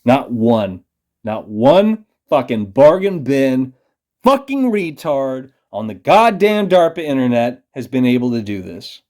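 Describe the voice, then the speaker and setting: A man delivering an angry, profane rant straight to his viewers, condescending as he lurches from low muttering to loud outbursts. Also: big pitch swings, unhurried. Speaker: vlogger. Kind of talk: ranting monologue to camera.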